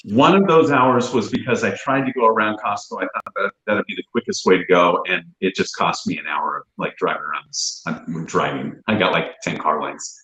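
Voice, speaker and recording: A man co-hosting a casual livestream, telling rambling, animated stories. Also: deep voice, normal speed, few pauses, reverberant, rough recording. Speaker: real estate agent and livestream co-host.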